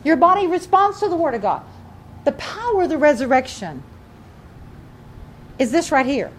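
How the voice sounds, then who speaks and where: A woman's voice: sits high, sing-song, moderate pace, slight background noise. An older woman, a grandmother, preaching a fervent sermon and telling a family story to her congregation. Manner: fervent, preaching with rising emphasis. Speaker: pastor.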